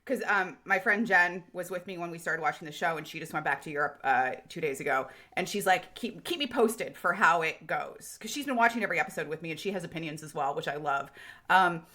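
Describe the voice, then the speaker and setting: A woman hosting a podcast in casual, animated chat, swearing freely and acting out quotes. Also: deep voice, quick pace. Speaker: podcast host.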